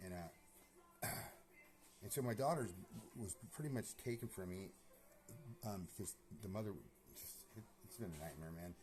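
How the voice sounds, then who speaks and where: A man's voice: sits low, a little slow, pauses often, darkish tone, soft background music. A man telling a long, agitated personal story in a rambling monologue, full of swearing, repeated words and fillers. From California. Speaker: vlogger.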